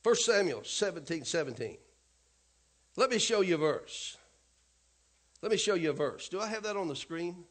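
A man's voice: sits high, animated, normal speed, pauses often, fairly bright tone. A male pastor preaching a sermon, emphatic and punchy, often turning to the congregation with asides and questions.

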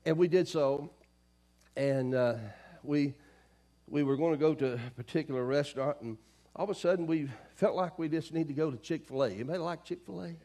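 A middle-aged man delivering a sermon in a church, his voice sitting a touch higher than most men's. He tells stories in a low, confiding tone, then climbs and pushes hard on his main points. He calls out to the congregation for responses. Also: fairly quick. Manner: call-and-response preaching, swings from soft storytelling to loud emphasis. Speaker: pastor. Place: church sanctuary.

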